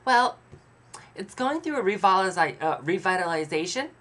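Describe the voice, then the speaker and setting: Brief: chatty, hesitant female realtor, bright voice as a man puts her on. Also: a little high, lively intonation, moderate pace. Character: chatty female real estate agent.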